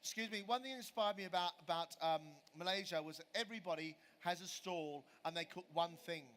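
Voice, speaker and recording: A man's voice: high-pitched, a little fast, a bit bright. A middle-aged man giving a live cooking demonstration on a show stage, chatting with audience members and answering their questions. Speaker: celebrity chef doing a live cooking demo.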